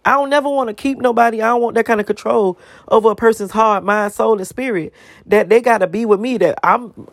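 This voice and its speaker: A woman's voice: a little high, no room sound, clean studio sound. Profane ranting woman vlogger. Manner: emphatic, profane, piles up rhetorical questions. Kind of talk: ranting monologue to camera.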